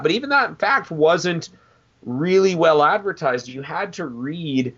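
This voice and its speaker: A man's voice: fairly high pitch, animated, normal speed, fairly bright tone. A man in casual chat, telling stories and acting out quotes with disbelief, on a dull lo-fi recording. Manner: storytelling, acts out quotes with disbelief.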